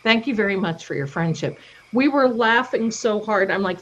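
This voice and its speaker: With an expressive mid-range voice at a moderate pace, a middle-aged woman hosts a livestream of casual story chat. She acts out the voices of whoever she quotes. The sound is dull, lo-fi stream audio.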